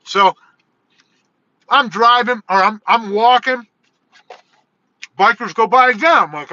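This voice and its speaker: A man's voice: extremely high pitch, slow pace, pauses often, pushed and bright. A man vlogging, telling a long rambling story in a casual way, quoting himself and swearing now and then. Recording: dull lo-fi sound.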